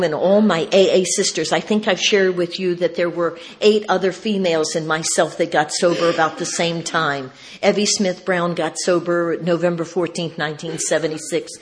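Low-voiced woman telling a recovery story. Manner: folksy, wry, acts out quoted dialogue. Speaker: recovery meeting speaker. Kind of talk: personal storytelling talk.

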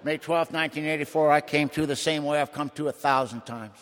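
A man's voice: fairly high pitch, fairly even intonation, a little fast, a bit bright, slight background noise. A man giving a dramatic, folksy recovery testimony to a meeting. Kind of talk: personal testimony storytelling. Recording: long hall reverb.

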